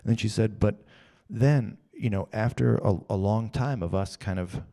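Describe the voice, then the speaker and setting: A man's voice: fairly low pitch, normal speed, mellow. A man in his thirties telling a personal story in a rambling, emotional way, often repeating himself.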